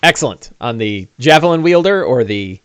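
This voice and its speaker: A man narrating a tabletop fantasy game as game master, telling the scene in an animated way with fillers and asides. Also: mid-range voice, moderate pace, clear, resonant tone, no echo.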